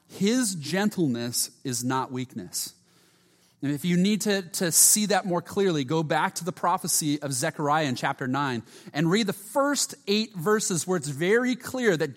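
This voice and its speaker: Earnest preacher in a reverberant hall. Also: male voice, on the high side. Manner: earnest, often drops to a hushed voice; repeats words and restarts often. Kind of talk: sermon.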